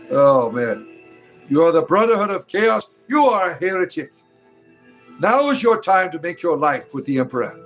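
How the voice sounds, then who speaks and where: A man delivering a parody sermon in a fervent, booming preacher cadence with swooping emphasis, breaking into chuckling asides. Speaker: preacher character host.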